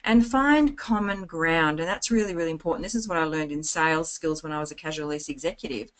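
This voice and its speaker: A woman's voice: low-pitched, a little fast. A middle-aged woman giving a chatty business training talk, telling stories and acting out conversations.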